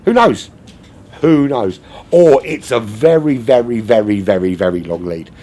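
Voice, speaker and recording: A man's voice: fairly low pitch, normal speed, mellow. A man giving live sim racing commentary in a rambling, jokey way, swearing casually. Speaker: race commentator.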